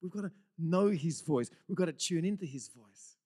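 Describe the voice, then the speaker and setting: A man preaching a sermon, earnest and excitable, swinging from loud exclamations to hushed whispers and often repeating words. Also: a little high, normal speed. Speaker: pastor.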